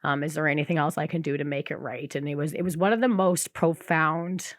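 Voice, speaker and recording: Low-voiced woman telling a candid story. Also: a little fast, no echo, clean studio sound. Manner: candid storyteller, swears freely, acts out quoted voices. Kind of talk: casual recovery podcast chat.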